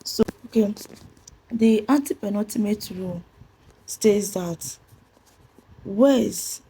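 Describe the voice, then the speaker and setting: A woman with a Nigerian English accent teaches a pronunciation lesson in a methodical way, spelling words out letter by letter and repeating her main points. Her voice is gravelly and husky, with a dark, mellow tone. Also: mid-range voice, slow. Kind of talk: classroom-style pronunciation lesson.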